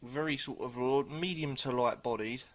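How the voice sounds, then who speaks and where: Man, casual beer reviewer, rambling and unhurried, mid-range voice. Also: mid-range voice. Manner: rambling, hesitant, many pauses.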